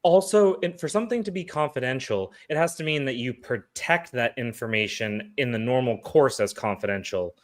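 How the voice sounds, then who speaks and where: A man's voice: mid-range voice, normal speed, hardly any pauses. A man on a casual panel show, explaining legal points with a few restarts.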